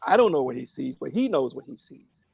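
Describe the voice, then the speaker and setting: A man speaking earnestly and reflectively on a phone prayer line, in a halting way with many fillers. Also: mid-range voice, big pitch swings, vocal fry, a little mellow, slightly rough.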